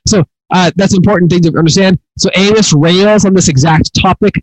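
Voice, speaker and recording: His voice is fairly high and a little mellow as this middle-aged man earnestly teaches from the Torah. A Bible teacher, he often repeats himself and restarts phrases; the recording is low quality but free of echo.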